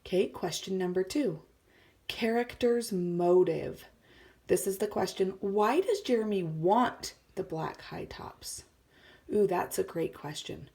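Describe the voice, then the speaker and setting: A woman's voice: medium pitch, slow pace, gravelly, warm tone. A woman teacher reading a story aloud to children, explaining words and often dropping to a whisper. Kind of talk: read-aloud lesson for children.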